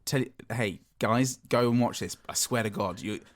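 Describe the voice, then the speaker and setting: A man's voice: medium pitch, normal speed, dry recording, clean studio sound. A man co-hosting a casual comedy podcast, jokey and rambling. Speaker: podcast co-host.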